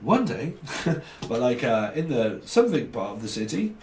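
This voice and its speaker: A very animated British man reads tarot in a mid-range, slightly mellow voice at normal speed, rambling along in a relaxed way. He's talkative and playful, laughing often and lapsing into slang and silly impressions. Echo from the room, a far-off mic and faint noise color the audio.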